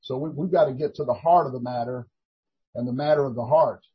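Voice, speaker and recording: An older man, a minister giving an earnest, halting testimony in a Christian talk show interview, full of restarts. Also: mid-range voice, slightly rough. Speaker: prison minister. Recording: dull lo-fi recording.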